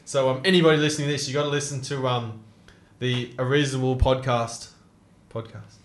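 A young man hosts a loose, casual podcast chat. He gets excitable, swears freely and often breaks into laughter. His mid-pitched voice rings out in a roomy, echoing space. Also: a little fast. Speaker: podcast host. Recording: roomy echo.

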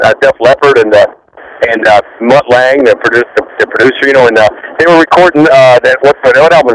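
A man in his fifties, a former rock bassist, rambling through profane backstage stories and laughing often. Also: a bit bright, low-quality recording. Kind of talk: casual interview storytelling.

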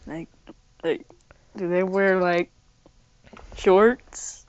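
Unhurried playful woman, casual banter, dry close recording. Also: lowish voice, fairly even intonation, clean tone, dry recording. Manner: slow, playful, goofy banter. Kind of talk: casual chat. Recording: dull, slightly lo-fi dry mic.

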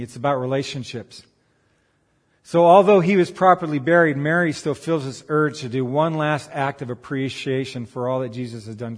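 A man delivering a sermon, swinging from emphatic raised peaks to quiet, earnest asides. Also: medium pitch, in a large hall. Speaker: pastor.

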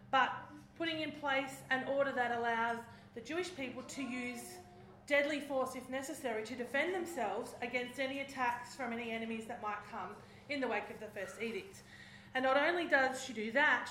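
A woman preaching, retelling a story in a lively way and acting out its voices. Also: sits high, slight background noise. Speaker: speaker. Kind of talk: sermon storytelling. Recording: echoey hall.

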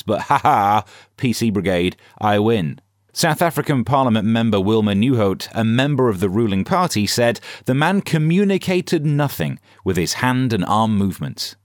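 Lively deadpan comedy host. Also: male voice, fairly low pitch, no room sound, studio quality. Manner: deadpan sarcastic delivery. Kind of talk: scripted satirical news comedy.

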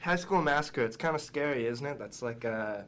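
A young American man chats as a guest, easygoing and rambling, full of "you know" and "like". His voice sits at an ordinary pitch, with a faint hum under the recording. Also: animated, moderate pace, a bit bright. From Texas, USA. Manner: laid-back, rambling, lots of fillers. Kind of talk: casual chat.

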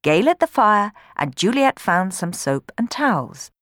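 Expressive woman reading a storybook. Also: mid-range voice, measured pace, no room sound, studio quality. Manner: expressive, voicing characters.

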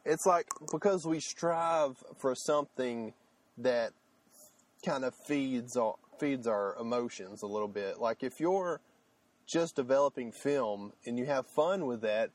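A man's voice: mid-range voice, a little slow. A man co-hosting a podcast in casual chat, rambling with fillers and restarts. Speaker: podcast co-host.

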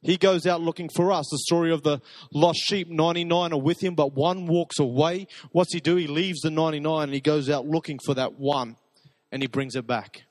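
A man preaching a sermon, telling stories in a conversational way and dropping to soft, intimate repetitions. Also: a little high, steady tone, fairly quick, no room sound. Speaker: pastor.

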